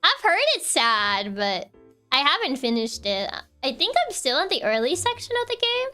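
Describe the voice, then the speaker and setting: A woman streamer chatting casually with her viewers, her voice high and bright. She talks in a loose, chatty way, laughs often and keeps saying "like". Faint music plays under her. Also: big pitch swings, moderate pace. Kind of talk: casual chat while reading viewer messages.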